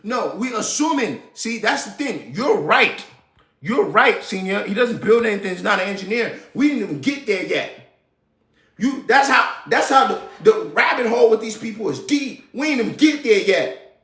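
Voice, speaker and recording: A high-voiced man rants on his live show, his pitch swinging widely as he gets heated. His talk is slangy and profane, and it carries a roomy echo around it. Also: expressive, moderate pace, fairly bright tone. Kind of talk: casual political rant.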